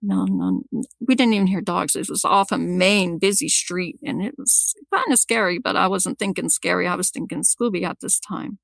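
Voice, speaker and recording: A woman guest on a podcast telling a personal story, halting and repeating words as she restarts sentences. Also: on the low side, gravelly, no room sound.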